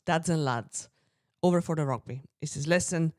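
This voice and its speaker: A podcast co-host with a low voice tells a story in loose, chatty fashion at a normal pace. She frequently clears her throat and slips into other people's voices to recount what they said. The sound is close and dry, with no echo.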